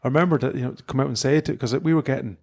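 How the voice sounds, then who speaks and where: A man's voice: medium pitch, rapid-fire, gravelly. An Irish man co-hosting a podcast, telling stories in a rambling casual way. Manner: rambling, full of fillers and restarts. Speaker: podcast co-host. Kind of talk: casual chat.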